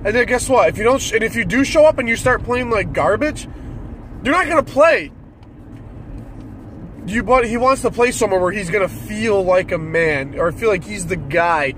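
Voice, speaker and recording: High-voiced man on a profane rant. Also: animated, normal speed, a bit bright, slight background noise. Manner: profane, irritated, ranting. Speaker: football fan commentator. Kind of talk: solo sports rant.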